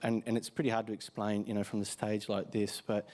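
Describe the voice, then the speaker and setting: A man's voice: lowish voice, flat delivery, brisk, darkish tone. A tired man with an Australian accent, a pastor chatting through a casual sermon from a church stage, telling stories with many fillers and restarts.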